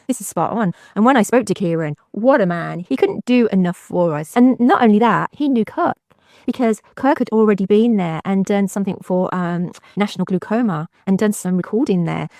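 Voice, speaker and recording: A woman's voice: mid-range voice, a little mellow, no room sound. Chatty middle-aged woman, dry close sound. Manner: chatty, laughs often. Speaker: podcast co-host and event organiser. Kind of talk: casual podcast chat.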